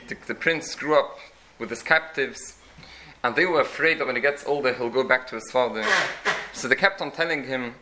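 Man, religious teacher, lively bright tone, earnest and explanatory, restarts sentences, faint background noise. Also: mid-range voice, rough recording. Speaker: Torah teacher. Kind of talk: religious lecture.

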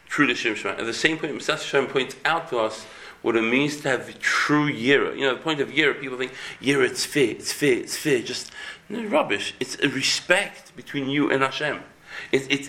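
Male Torah teacher, bright forceful voice, emphatic delivery with pitch jumps. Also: vocal fry. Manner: animated, emphatic, with sudden rises in pitch. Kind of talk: Torah class.

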